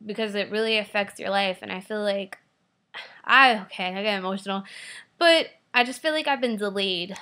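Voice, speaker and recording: Bright-voiced young woman vlogging candidly. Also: medium pitch, normal speed. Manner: candid, rambling, full of fillers. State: tearful at times. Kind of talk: personal video diary.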